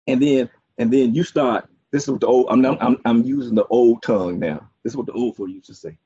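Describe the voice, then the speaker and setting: A man's voice: medium pitch, a little fast, dark tone, slightly rough, no room sound. A man preaching a sermon, using folksy asides and a string of "okay"s. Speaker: pastor. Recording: dull, dry, muffled sound.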